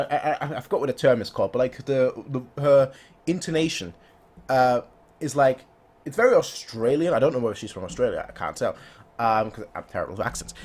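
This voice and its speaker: A man's voice: mid-range voice, darkish tone. A man hosting a reaction video, giving casual commentary and often stammering and restarting his sentences.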